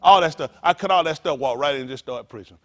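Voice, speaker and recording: A man's voice: on the high side, fast, fairly bright tone. A man preaching a casual, conversational sermon as pastor, colloquial and full of rhetorical questions.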